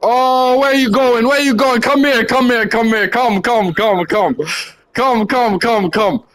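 A man's voice: very high-pitched, fairly even intonation, measured pace, a bit bright. A young man on voice chat while playing a basketball video game, coaching his teammates and teasing them, repeating short commands over and over.

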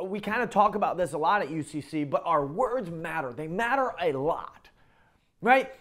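A middle-aged man, a pastor, giving a conversational sermon, often checking in with "okay?" and "right?" and repeating his phrases as he goes. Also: fairly high pitch. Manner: repeats and restarts phrases while talking.

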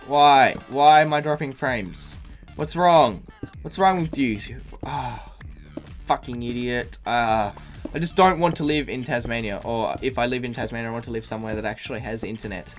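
Speaking at medium pitch and a normal speed, this weary game streamer chats casually on his live stream. His talk wanders and swears, stuffed with fillers and false starts, over quiet background music.

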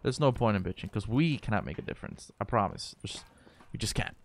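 Speaking fairly quickly in a lowish voice with lively intonation, this gaming livestreamer chats casually with his audience while he plays. His talk wanders and is full of profanity, and there's slight background noise.

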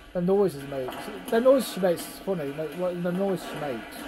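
A man's voice: high voice, lively intonation, moderate pace, low-quality recording. A man giving casual reaction commentary over fight footage, chatty and constantly prompting the viewer to look.

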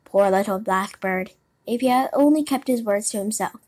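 A woman narrates a classic children's story aloud. Her delivery is an expressive storybook reading, at a medium pitch. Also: moderate pace, breathy edge. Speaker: audiobook narrator.

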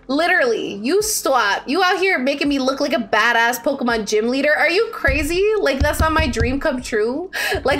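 A bubbly woman streamer with a high, very lively voice that leaps up into squeals and drops into mutters. She chats casually and in slang with her live audience. Faint music plays behind her. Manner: bubbly, slangy, quick swings from squeals to mumbles. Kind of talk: casual live-stream chat reading viewer comments.

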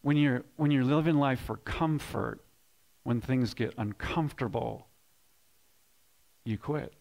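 A man preaching a sermon as pastor, swinging between loud emphatic bursts and hushed low lines, often repeating words as he builds a point. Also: measured pace, gravelly. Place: church sanctuary.

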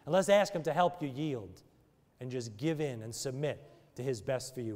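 A man's voice: mid-range voice, expressive, normal speed, a little mellow. A man preaching a sermon and leading an altar call in a church, driving his points with emphatic, repeated rhetorical questions. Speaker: pastor. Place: church sanctuary. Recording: long church hall reverb.

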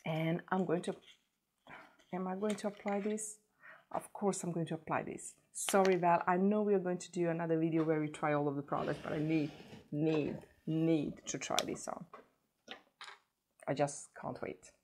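A woman beauty vlogger chatting casually as she unboxes gifts, gushing and repeating words in her excitement. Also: deep voice, normal speed, slight background noise.

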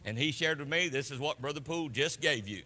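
A man preaching a sermon as pastor, swinging emphatically between loud declarations and hushed passages. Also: fairly high pitch, lively intonation, a little fast. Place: church sanctuary. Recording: long church reverb.

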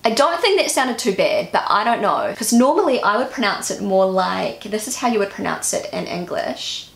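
Female vlogger with a New Zealand accent, casual and self-critical, with some vocal fry and an echoey room. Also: medium pitch, animated, normal speed. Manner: self-critical, repeats words aloud after the app. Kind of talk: casual language-learning vlog.

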